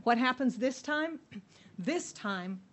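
A woman teaching a Bible passage to a group, telling the story in a lively way and asking her listeners questions. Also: sits high, slow pace. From United States.

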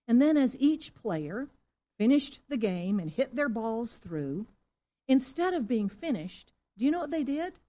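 A middle-aged woman pastor from Singapore giving a sermon, telling a story and asking the congregation questions, now and then rising to loud exclamations. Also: fairly high pitch, very animated, unhurried.

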